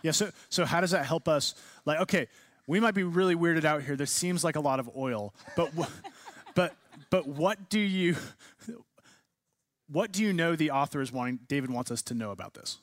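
A man's voice: fairly high pitch, animated, normal speed, no room sound. A man teaching a class, leading a discussion and asking students many questions. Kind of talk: classroom lecture.

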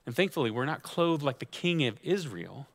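A man in his thirties delivers a sermon at an average pitch. He talks to the congregation like a friend, asking rhetorical questions and dropping wry asides before landing each point. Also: animated, normal speed, vocal fry. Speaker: guest pastor.

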